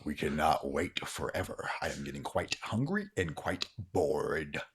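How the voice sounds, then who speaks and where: A man's voice: rumbling low, sing-song, a little slow, slightly rough, pitched below the performer's own voice, heavily acted. A man voicing a hungry, contemptuous alien entity that lives inside a body, speaking in a cold, clipped, disdainful way.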